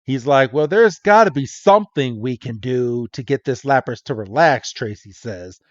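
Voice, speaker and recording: A man's voice: mid-range voice, animated, moderate pace, no room sound, dull audio. A man co-hosting a podcast, casually recapping a cartoon episode, laughing often and acting out the characters' lines. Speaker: podcast co-host.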